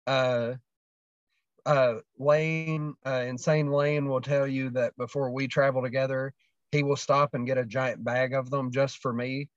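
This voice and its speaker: A man's voice: medium pitch, level tone, unhurried, no echo. A man guesting on a podcast, telling stories in a rambling way with lots of fillers and restarts. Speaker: guest wrestler. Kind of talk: casual storytelling chat. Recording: dull, dry lo-fi sound.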